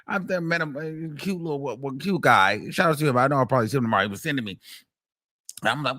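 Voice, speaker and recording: Telling a courtroom tale on his laid-back commentary show, this man is profane and animated, with bursts of laughter. He talks quickly, with a voice on the high side.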